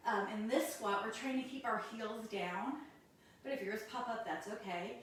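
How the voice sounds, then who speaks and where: A woman yoga instructor guiding a class through poses, calm and practical, slightly out of breath as she does the poses with the class. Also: fairly high pitch, moderate pace, a little hiss or hum. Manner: calm step-by-step cues with self-aware asides. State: a little out of breath while doing poses. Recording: very echoey room, mic at a distance.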